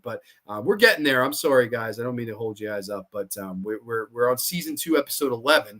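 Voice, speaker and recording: A man hosting a podcast who talks in a casual, excitable and profane way while recounting episodes. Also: medium pitch, fast talker, few pauses. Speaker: podcast host. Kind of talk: casual commentary.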